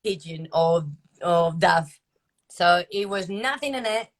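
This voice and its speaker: A woman's voice: lowish voice, expressive, takes it slowly. A woman being interviewed, answering candidly and laughing often. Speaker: guest, dancer and magician. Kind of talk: casual interview chat.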